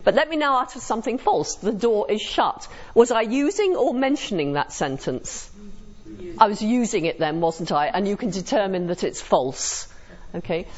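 A woman's voice: medium pitch, sing-song, normal speed. A woman giving a philosophy lecture to students, chatty and often checking understanding with tag questions. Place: classroom. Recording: dull lo-fi classroom recording.

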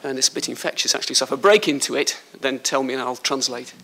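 A man's voice: medium pitch, fast talker, gravelly, bright, forceful tone. A man from Liverpool, a surgeon, giving a chatty, joking talk to pupils at a school. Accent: Liverpool English. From Liverpool, England. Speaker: guest speaker, surgeon. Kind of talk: school speech. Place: school hall.

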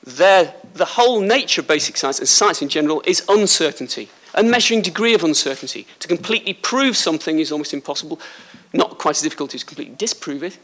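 A man from Liverpool with a slight Liverpool accent gives a school talk as a surgeon, chatty and joking with the pupils. His voice sits a bit high for a man and sounds bright and forceful. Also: lively intonation, quick pace, hardly any pauses. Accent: Liverpool English. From Liverpool, England. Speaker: guest speaker, surgeon. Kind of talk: school speech. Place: school hall.

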